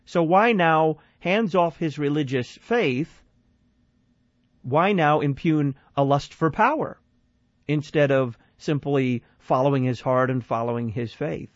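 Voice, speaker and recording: Unhurried and a little high-voiced, this call-in radio host questions and comments on callers and keeps repeating the phone number. The recording has no room sound, coming across dry and slightly dull.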